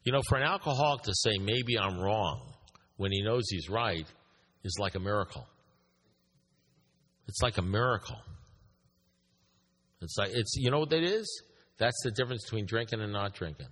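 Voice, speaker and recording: Husky-voiced man in an echoey hall. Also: on the low side, expressive, normal speed, long pauses, fairly bright tone. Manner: emphatic, repeats points, asks the room questions. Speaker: recovery meeting speaker. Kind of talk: storytelling talk to a group.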